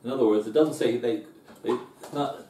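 A man teaching a Bible lesson, earnest and often repeating himself as he works through the verses. His voice is mellow and dark, and it carries an echo, as if he stands some way from the mic in a roomy hall. It climbs higher and louder when he stresses a point. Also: moderate pace, distant mic, slight background noise. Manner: rises in pitch and loudness when stressing a point.

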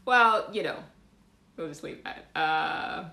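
A woman hosting a casual livestream, talking in an animated way with frequent laughs, fillers and restarts. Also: fairly low pitch, moderate pace, roomy sound. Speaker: livestream host.

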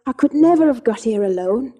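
A woman reading an audiobook voices a poor, bewildered young countrywoman who pleads for help, speaking high and urgently. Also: lively intonation, brisk, dark tone, slightly rough, highs cut off. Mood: grateful. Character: poor, frightened young countrywoman with a sick child.

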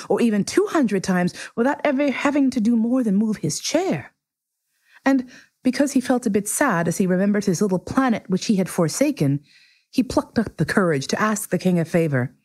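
A woman reading a children's book aloud in an animated, theatrical way. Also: medium pitch, no room sound. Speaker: reader. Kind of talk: expressive storybook reading.

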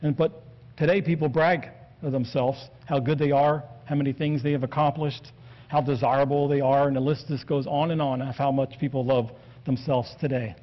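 A man's voice: mid-range voice, steady tone, moderate pace. A man preaching an earnest sermon, steadily working through scripture quotes. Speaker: pastor. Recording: dull lo-fi recording.

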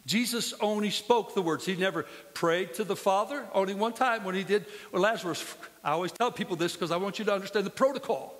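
A man's voice: high voice, fairly quick, hardly any pauses, a bit bright, big-room sound. A man preaching a sermon as pastor, impassioned and full of storytelling, in a church sanctuary.

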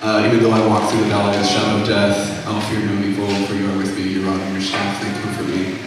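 Between songs at a student concert, a young man gives an informal, rambling testimony packed with fillers and self-corrections. His fairly low voice is monotone and quick, heard over music from far off in an echoey concert hall.

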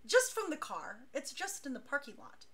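A woman leading a dance crew, telling stories casually on a talk show, chatty and animated, laughing now and then. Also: high-pitched, normal speed.

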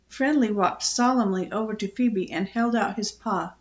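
An older woman, a grandmother storyteller, reading a children's book aloud in a gently expressive way. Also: mid-range voice, normal speed, few pauses, lo-fi sound.

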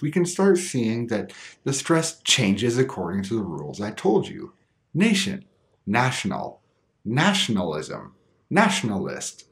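A Canadian man teaches English word stress, speaking clearly and carefully and leaning on each example word. His pitch rises and falls a lot as he moves through the points. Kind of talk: scripted pronunciation lesson.

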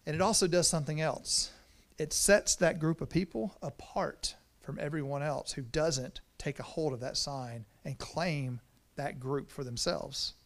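A man preaching a sermon as pastor, in a conversational way, often repeating words as he restarts. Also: fairly high pitch.

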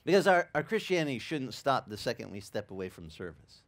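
A man preaching a sermon as pastor, telling lively stories with acted-out quotes and frequent stammered restarts. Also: medium pitch, brisk. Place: church.

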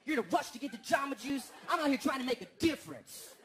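A man acting out an indignant young male street canvasser who carries a clipboard and talks in a high, self-righteous voice. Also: expressive, fast, a bit bright.

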